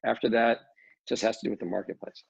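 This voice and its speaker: Gravelly middle-aged man, halting speech. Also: mid-range voice, steady tone, no echo. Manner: halting, many restarts and fillers. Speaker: real estate developer, guest. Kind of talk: casual interview talk. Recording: dull lo-fi dry audio.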